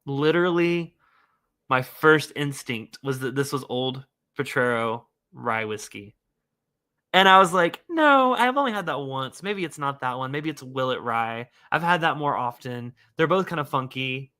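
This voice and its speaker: A man hosting a casual whiskey livestream, animated and scolding himself with frequent exclamations. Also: medium pitch, a little slow.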